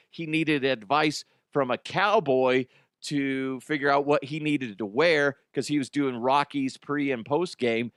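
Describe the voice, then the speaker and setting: A man's voice: mid-range voice, a bit bright, smooth, no echo, clean studio sound. A man hosting a comedic news podcast, rambling casually, swearing and mocking himself. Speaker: podcast host.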